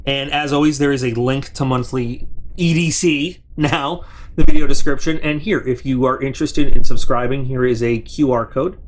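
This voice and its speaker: A man's voice: mid-range voice, fairly even intonation, moderate pace. A man hosting a casual unboxing review, rambling and chatty, with plenty of restarts and side remarks, talking straight to his viewers. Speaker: product reviewer and channel host.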